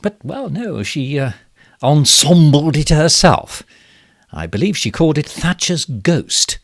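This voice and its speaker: An actor playing a pompous, smug and bumbling male government minister in a comic monologue, with a posh, self-satisfied delivery and sudden leaps in pitch. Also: very animated, a little slow, dry recording, clean studio sound. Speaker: satirical character monologue. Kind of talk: comic monologue as a fake live stream.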